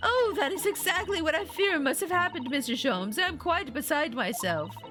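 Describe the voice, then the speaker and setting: A woman's voice: sits high, expressive, moderate pace, music in the background, pitched above the performer's own voice. Woman doing a prim genteel lady. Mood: worried. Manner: prim, polite. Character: genteel well-off married lady, refined and worried.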